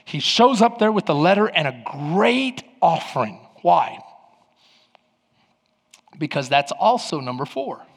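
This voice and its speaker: A high-voiced man preaching in a husky tone, chatty one moment and rising to loud fervor the next. His sermon rings through a church sanctuary with a long reverb trailing each phrase. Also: measured pace, pauses often. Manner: animated, conversational preaching that builds to loud passages. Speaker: pastor. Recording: long reverb in a large hall.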